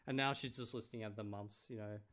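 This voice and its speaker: A man's voice: fairly low pitch, steady tone, fast talker, fairly bright tone. A man vlogging in casual chat, translating clips aloud with many fillers and restarts. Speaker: vlogger reviewing a language course.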